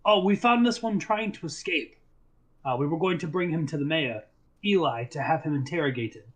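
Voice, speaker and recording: A man's voice: on the high side, moderate pace, a bit bright, rough recording. A man voicing a deferential male guard captain who addresses the party politely. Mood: eager. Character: respectful male guard captain, eager to help.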